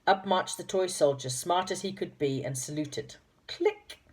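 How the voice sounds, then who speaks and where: A woman's voice: lowish voice, moderate pace, husky. A woman reading a children's storybook aloud and chatting affectionately to young listeners. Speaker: reader of children's stories.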